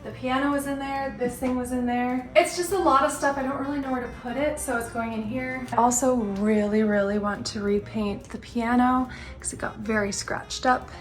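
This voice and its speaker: A young woman vlogging casually at home, thinking out loud in a chatty, upbeat way as she tidies a room. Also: fairly high pitch, fairly even intonation, moderate pace, soft background music. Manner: chatty, upbeat, talks to herself while tidying. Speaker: lifestyle vlogger. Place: apartment room with a loud air conditioner.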